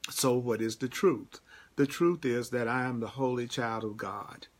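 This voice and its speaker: A man with a mid-range voice speaks steadily and a little slowly. He is giving a spiritual teaching on a live stream, answering viewer comments by name. His delivery is emphatic and repetitive, and he keeps repeating key phrases.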